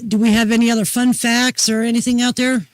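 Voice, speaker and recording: An older woman hosting a casual talk show, chatting in a folksy, unhurried storytelling way. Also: a little high, little pitch movement, dry recording, poor audio. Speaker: host. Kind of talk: casual chat.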